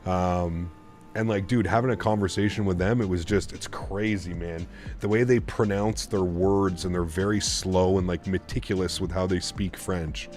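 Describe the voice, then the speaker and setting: Man, low voice, casual rambling stream chat, faint music underneath. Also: fairly even intonation, moderate pace, a little mellow. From Canada. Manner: rambling, reads chat messages aloud. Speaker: flight sim streamer.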